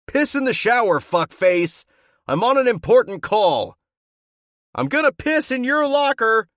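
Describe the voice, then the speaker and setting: A man voicing an angry male hockey player who shouts crude insults. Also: extremely high pitch, very animated, unhurried, no room sound, studio quality, pitched above the performer's own voice, exaggerated voice. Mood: furious yelling.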